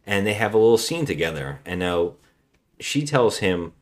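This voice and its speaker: Very deep-voiced man recapping a movie. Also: moderate pace. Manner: rambling, relaxed storytelling with frequent restarts. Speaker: podcast host. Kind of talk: casual chat recapping a movie plot.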